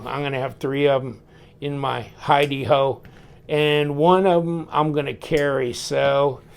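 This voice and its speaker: A man's voice: medium pitch, slight background noise. A man chatting casually as he takes a knife apart, folksy and thinking aloud while he tinkers. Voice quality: gravelly. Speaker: knife reviewer. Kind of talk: casual hands-on review.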